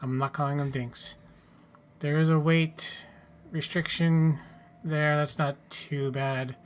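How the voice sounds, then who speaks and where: A man's voice: fairly high pitch, steady tone, takes it slowly, clean tone. A man casually commenting on his own video game play, wry and offhand, often muttering asides under his breath. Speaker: gaming YouTuber.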